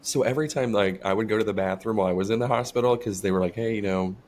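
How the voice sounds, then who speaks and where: A man with a slightly low voice tells crude stories on a podcast. He swears freely and laughs along as he talks. A faint hiss sits in the background. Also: rapid-fire, darkish tone. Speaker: podcast co-host. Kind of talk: casual storytelling chat.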